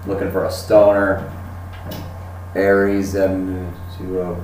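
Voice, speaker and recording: Deep slow-talking player, far and echoey. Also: male voice, monotone, a little mellow. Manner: slow, laid-back, jokey. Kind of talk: in-character tabletop play.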